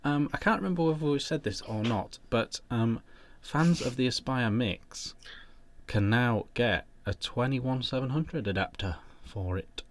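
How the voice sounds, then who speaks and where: A man's voice: medium pitch, a little slow. A man co-hosting a casual live chat show, making dry joking asides. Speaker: co-host.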